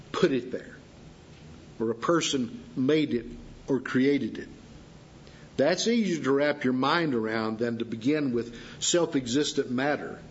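A man preaching a sermon, teaching slowly and deliberately with pauses for emphasis. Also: mid-range voice, a little hiss or hum. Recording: dull lo-fi sound.

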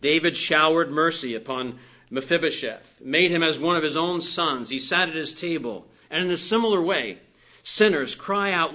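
A man preaching a sermon, earnest and emphatic, lifting his voice on key phrases and dropping soft at the ends of sentences. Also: fairly high pitch, moderate pace. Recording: dull lo-fi recording.

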